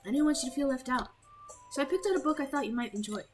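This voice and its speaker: A woman voicing a shy, bookish teenage girl in a quick, hushed and timid way. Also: sits high, soft background music, close to an everyday voice. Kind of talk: visual novel read-along.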